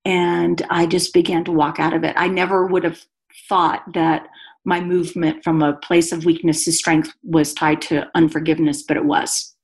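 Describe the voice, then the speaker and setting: A woman's voice: low-pitched, level tone, normal speed. A woman guest giving an earnest, emotional personal testimony in conversation, a mother speaking about her life. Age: adult mother.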